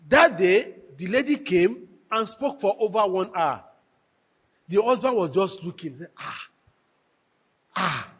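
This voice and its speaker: Male workshop speaker, high voice, animated storyteller. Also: husky. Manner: animated storytelling, acting out both spouses. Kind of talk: lively workshop talk with acted anecdotes. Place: workshop hall.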